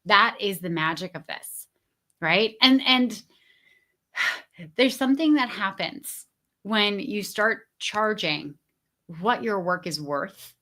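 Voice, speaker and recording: Bright, chatty woman coaching on a livestream. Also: medium pitch, expressive, takes it slowly, pauses often. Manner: chatty, lots of fillers and restarts; greets viewers in the chat. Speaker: business coach. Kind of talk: casual livestream talk. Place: at home.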